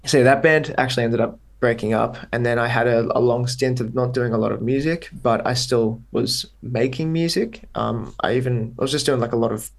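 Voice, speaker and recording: A man's voice: medium pitch, fairly quick, gravelly, few pauses. A young Australian man with an Australian accent, guesting on a podcast and chatting in a rambling, upbeat way full of fillers. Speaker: guest musician. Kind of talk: casual podcast chat.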